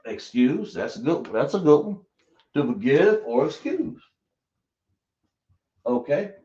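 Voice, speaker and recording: Slow-talking man teaching in an echoey room. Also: fairly high pitch, big pitch swings, dark tone. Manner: slow, repetitive explaining, checking the class often. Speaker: class teacher. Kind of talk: live classroom teaching. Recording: echoey room, dull lo-fi sound.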